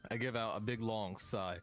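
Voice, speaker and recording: A man playing a tabletop game, casually describing his character's actions. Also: mid-range voice. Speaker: player.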